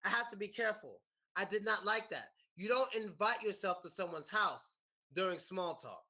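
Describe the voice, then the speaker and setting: An American man teaching a class, animated and repeating his questions to the students. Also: high voice, moderate pace. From United States. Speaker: English teacher. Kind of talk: classroom lesson.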